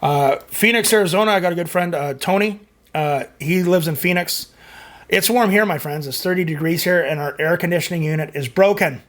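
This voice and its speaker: Brisk and a bit bright, a high-voiced middle-aged man from Canada chats casually while reading viewer comments on his music reaction channel, rambling and leaning on fillers.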